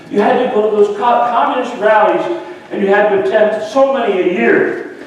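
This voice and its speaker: A man preaching an Easter sermon, telling a story and rising to shouted refrains. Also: sits high, a little hiss or hum. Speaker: pastor. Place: large church hall. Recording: echoey church hall from a distance.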